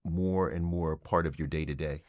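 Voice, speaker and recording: A man's voice: very deep voice, steady tone, moderate pace, a little mellow, dry recording. A male host in a casual interview, talking in a conversational, affirming way.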